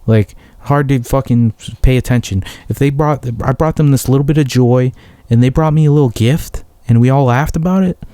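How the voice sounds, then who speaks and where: A man rambles through a casual solo story as a podcast host, swearing freely and circling back on himself. His voice is mellow and relaxed in tone. The recording is dry and close, with no room sound. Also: mid-range voice, normal speed, no echo. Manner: profane, rambling, conversational.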